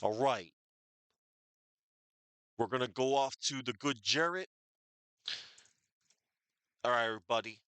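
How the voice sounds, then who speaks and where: Man, streamer sign-off chat, bright crisp voice, rambling and thankful, dry close mic. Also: mid-range voice, a little slow, pauses often, no room sound. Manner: rambling, thankful, chatty with fillers.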